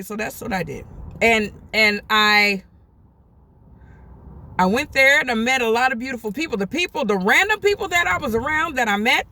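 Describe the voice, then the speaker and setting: Bright-voiced woman telling a story. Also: on the high side, moderate pace. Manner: chatty, animated, acts out quoted people. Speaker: vlogger. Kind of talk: casual storytime.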